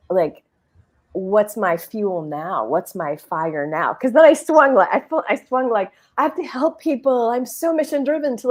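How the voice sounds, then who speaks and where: A middle-aged woman on a podcast panel, candidly telling a personal story in a lively, conversational way, acting out her own inner dialogue. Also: medium pitch. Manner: animated and conversational, with frequent restarts, laughs and quoted inner dialogue.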